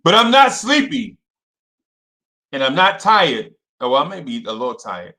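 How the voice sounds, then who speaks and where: Young guy doing a livestream, super lively, bright voice, keeps repeating himself and hyping up the chat. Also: fairly high pitch, normal speed. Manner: animated, repeats himself, shouts out viewers. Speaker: host of a fan livestream. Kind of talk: casual livestream talk.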